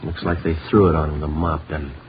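A man playing a police sergeant who narrates in clipped, deadpan first person in an old radio drama. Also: extremely low pitch, fast talker, background noise. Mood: flat. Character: terse male police detective sergeant. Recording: old lo-fi radio recording with music.

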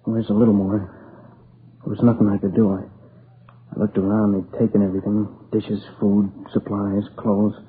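Brief: actor as a young robbery survivor in an old radio crime drama, low flat voice, halting, tinny lo-fi sound. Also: male voice, natural voice. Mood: weary, shaken. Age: young adult. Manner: halting, broken restarts, near tears. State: exhausted. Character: shaken young man, grieving survivor of a robbery. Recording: tinny lo-fi old broadcast with hiss.

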